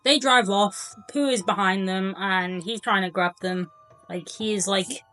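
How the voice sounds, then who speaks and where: A woman's voice: mid-range voice, a little slow, pushed and bright, faint music behind, poor audio. A young woman giving a casual movie review, chatty and incredulous, full of filler words.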